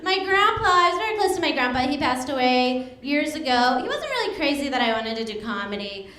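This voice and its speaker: A woman in her thirties performs stand-up on a club stage, her voice high and bubbly with big swings up and down. She laughs at her own punchlines and slips into little voices for the people in her stories. The room rings with echo around her mic. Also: sing-song, fairly quick, bright, forceful tone, a little hiss or hum. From United States. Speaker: stand-up comedian. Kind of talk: stand-up comedy set.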